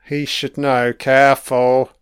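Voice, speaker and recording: A man's voice: medium pitch, flat delivery, slow pace, smooth, no room sound, studio quality. A man giving crude, profane live reaction commentary while watching an episode. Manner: crude, profane running remarks.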